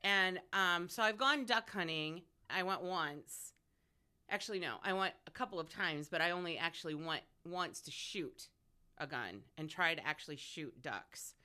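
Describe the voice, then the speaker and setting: This guest, a radio host in her forties, has a fairly low, smooth voice and talks at a moderate pace. In casual conversation she spins lively stories that are frank and profane, with plenty of laughs.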